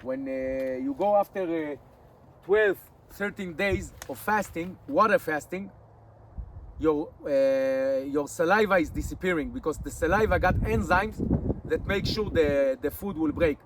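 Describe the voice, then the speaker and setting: A man in his forties with an Israeli accent, a native Hebrew speaker, talking casually to his camera outdoors in the mountains in halting English, his mouth dry from fasting. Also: fairly high pitch, a little hiss or hum. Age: 40s. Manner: rambling, restarts often, halting English. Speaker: nomad vlogger. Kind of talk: casual vlog monologue.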